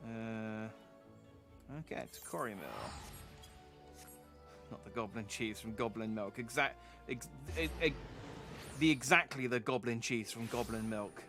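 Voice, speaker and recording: A man's voice: medium pitch, a little slow, pauses often, over music. A man streaming a video game, chatting casually and rambling, often restarting his sentences. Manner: rambling, self-interrupting, chatty. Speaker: vtuber streamer.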